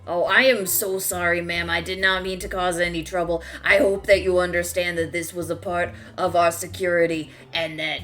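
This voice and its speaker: Anxious by-the-book scaly guard played by a woman, low voice, faint music. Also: little pitch movement, moderate pace, few pauses, a bit bright, lightly acted. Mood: pleading. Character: nervous scaly male security guard.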